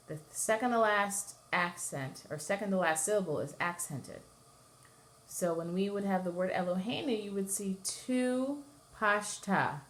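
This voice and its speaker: A woman cantor teaching Torah chanting at home, explaining step by step and singing short examples. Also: lowish voice. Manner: explains step by step, sings trope names in short phrases. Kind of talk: online lesson with sung examples. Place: home with a dishwasher running.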